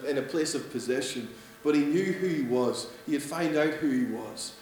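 Guy preaching a sermon, goes loud then hushed, lots of echo, faint hum behind. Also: a little high. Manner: animated, swings between loud emphasis and soft hushed lines. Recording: echoey room with faint hum.

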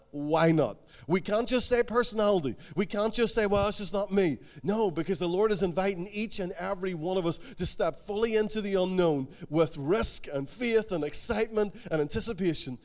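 A man preaching a sermon, animated, voicing the people in the stories he tells. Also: high-pitched. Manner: animated, acts out the quotes he tells. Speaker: pastor.

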